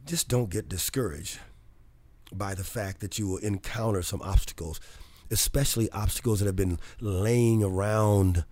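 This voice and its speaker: A radio talk show host opens with a motivational monologue, then shifts into excitable, chatty banter full of laughter. His voice sits on the low side at a moderate pace, with no echo.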